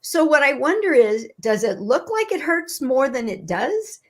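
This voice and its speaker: A woman's voice: high-pitched, sing-song, a little slow. A woman hosting a radio interview, asking curious questions and reacting with laughs. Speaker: radio show host.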